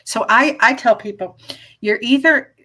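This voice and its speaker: A woman's voice: on the high side, unhurried, pushed and bright, breathy edge. A woman in her fifties, a life coach on as a guest, chatting casually and playfully, often restarting her sentences and acting out little scenes. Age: 50s. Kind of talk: casual interview chat.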